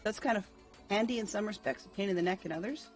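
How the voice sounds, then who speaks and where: Man, livestream gameplay commentary, high voice, rambling with ums, faint game music behind. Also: quick pace. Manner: rambling, thinking aloud with frequent ums; dry, self-mocking humor.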